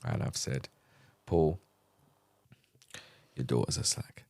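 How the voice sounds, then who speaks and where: A middle-aged man from London, guesting on a podcast, speaks slowly in a rumbling, creaky low voice. He tells a personal story candidly and vividly, performing the dialogue with animation.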